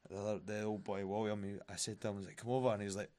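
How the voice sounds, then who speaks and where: Talking very fast in a lowish, darkish monotone, this young man from Scotland is a guest fighter on a casual podcast. He spins stories full of quoted voices and laughs a lot along the way.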